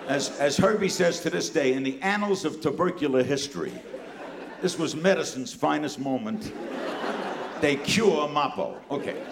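A man's voice: fairly high pitch, normal speed, vocal fry, a crowd in the background, background noise. An older man from New City, telling a comic story to a live audience in a punchy way, full of asides. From New York City. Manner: animated, punchy delivery with asides.

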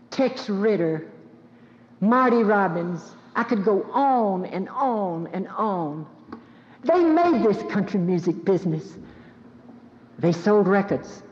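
A 70-something woman from the Southern United States, her voice on the low side and darkish, gives a storytelling talk full of folksy, self-mocking anecdotes to a live auditorium audience, then takes questions. It's a lo-fi recording with the hall's reverb.

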